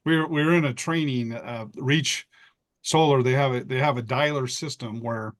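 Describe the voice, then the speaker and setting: A man's voice: mid-range voice, normal speed. A man co-presenting on a team video call in casual sales chat, eagerly restating and summing up points.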